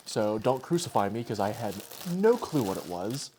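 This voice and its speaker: A man's voice: fairly low pitch, sing-song, moderate pace, a little mellow, a little hiss or hum. Laughing, teasing male podcast host. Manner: laughs often, teasing, swears casually. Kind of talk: casual chat and party game.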